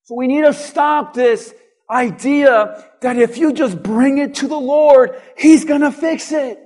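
High-voiced, slow-preaching man pastor. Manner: preaching with repeated rising calls, at times shouting. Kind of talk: sermon. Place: church.

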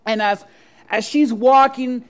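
A preacher giving a sermon and telling a story with dramatic swings from soft to loud. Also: medium pitch, steady tone, slow.

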